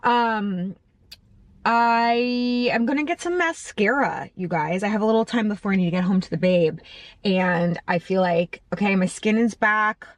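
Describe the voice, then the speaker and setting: In this casual vlog, a woman in her thirties rambles to her phone camera from a parked car, full of fillers and self-mockery. She speaks at medium pitch, a little slowly, in a dry recording.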